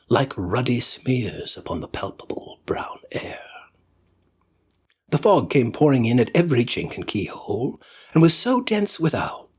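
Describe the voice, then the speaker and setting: Expressive husky male audiobook narrator. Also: mid-range voice. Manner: expressive, drops to a near whisper at times. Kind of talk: dramatic audiobook reading.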